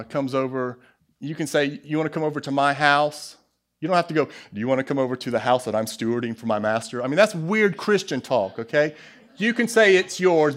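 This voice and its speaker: A man with a Southern US accent preaching a sermon to his church, lively, with asides and jokes to the congregation. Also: on the high side. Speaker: pastor. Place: church sanctuary.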